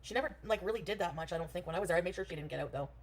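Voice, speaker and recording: A woman livestreaming from her phone while riding a scooter outdoors, rambling in casual chat and talking loudly over traffic. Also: on the low side, racing, husky.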